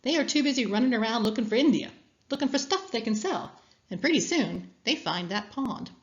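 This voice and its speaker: A woman reading a children's story aloud as a guest speaker, with expressive storytelling. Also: a little high, brisk, highs cut off.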